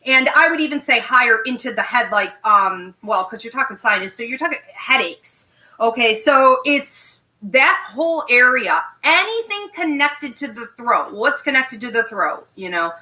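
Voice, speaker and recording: A woman with a fairly high, bright, forceful voice leads a live online class. She speaks directly and emphatically and keeps checking in with her listeners. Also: sing-song, normal speed, hardly any pauses, rough recording. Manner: direct, emphatic, frequent "okay?" check-ins. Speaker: psychic medium teaching an online class.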